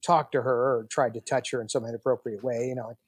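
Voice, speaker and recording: A man's voice: mid-range voice, fast, slightly rough, no echo. Older man telling family stories animatedly. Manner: animated storyteller, acts out quoted dialogue. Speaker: podcast guest. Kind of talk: storytelling interview.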